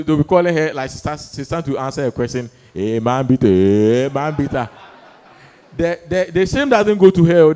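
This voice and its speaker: A young man doing stand-up storytelling on stage, animated, acting out voices and laughing through his lines. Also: fairly high pitch. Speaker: stand-up comedian. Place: comedy stage before a live audience.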